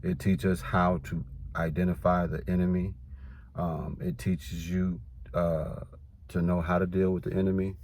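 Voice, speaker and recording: A man with a very low voice gives an informal Bible teaching. He reads scripture verses aloud and then explains them in plain words. His talk is loose and conversational, dotted with "man" and "you know". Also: level tone, normal speed, darkish tone, slight background noise. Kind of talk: casual preaching to camera.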